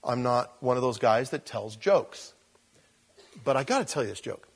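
A man's voice: medium pitch, very animated, normal speed, slightly rough. A male pastor giving a conversational Bible teaching, folksy and rambling, often correcting himself as he goes.

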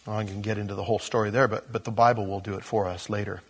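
Very fast and breathy, a man with a lowish, flat-pitched voice preaches in a casual, teaching way. As a pastor, he reads scripture and drops in chatty asides, acting out quotes and laughing at his own comments.

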